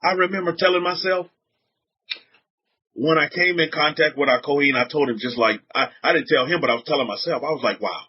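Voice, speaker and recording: His voice is on the high side and husky, moving a little fast, with the highs cut off in the recording. He's a religious teacher from the Southern United States talking informally to a group. Repetitive and prone to restarts, he keeps throwing rhetorical questions at the listeners.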